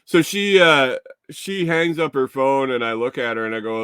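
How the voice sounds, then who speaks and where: A man's voice: mid-range voice, expressive, moderate pace, a bit bright, clean tone, no echo, studio quality. A man hosting a casual morning show, telling a story with frequent chuckles and cursing, and reading out viewer comments. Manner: chuckles through his story, swears freely, reads viewer comments. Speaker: show host.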